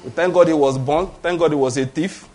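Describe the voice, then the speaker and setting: A middle-aged Nigerian-accented man preaching in a somewhat high voice. He talks to the congregation in an emphatic, conversational way, often stopping to check that they follow him. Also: brisk, dark tone. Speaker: pastor. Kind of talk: sermon.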